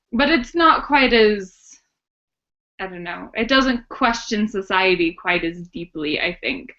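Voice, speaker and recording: A woman with a bright, sharp tone talks through a book in a casual group chat. She mixes thoughtful points with teasing. Her voice comes through a dull, muffled video-call line. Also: mid-range voice. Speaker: book club member.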